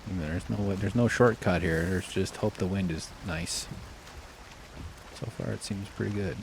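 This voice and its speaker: Rambling low-voiced man streaming a game. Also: normal speed, creaky, background noise. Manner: rambling, swears freely, self-deprecating jokes. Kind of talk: casual gameplay commentary.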